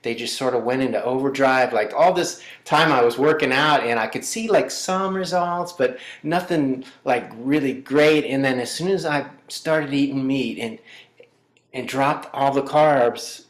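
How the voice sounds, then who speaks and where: A man talking as a guest in casual interview chat, halting and rambling with many fillers. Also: mid-range voice, echoey room. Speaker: musician guest.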